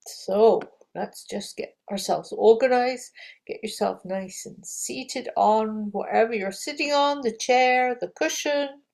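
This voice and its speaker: A middle-aged woman teaching a gentle yoga lesson, talking softly and encouragingly and often dropping to a near-whisper. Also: fairly high pitch, slow, creaky, low-quality recording.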